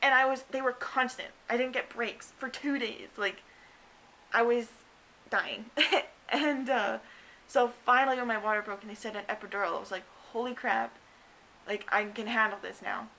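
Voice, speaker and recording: Young woman, chatty storyteller, bright and a bit high, light hiss behind. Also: normal speed, poor audio. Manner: chatty, many "like" fillers, acts out quotes in higher voice. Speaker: new mother telling her birth story. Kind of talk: casual storytelling to camera.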